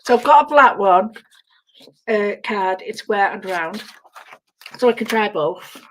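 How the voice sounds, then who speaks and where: A chatty woman in middle age leads a craft tutorial, muttering to herself between steps. Her voice keeps catching and turning hoarse, and a faint hiss sits under the recording. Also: medium pitch, animated, a little slow, pauses often, a bit bright. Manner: chatty, self-mocking, talks to herself while working. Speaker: craft demonstrator. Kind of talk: live-streamed craft tutorial.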